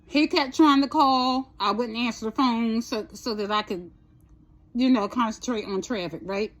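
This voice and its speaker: A talkative storytime vlogger with a slightly high voice tells the story of a trip in a loose, meandering way at a normal speed. She curses casually and keeps checking in with "right?"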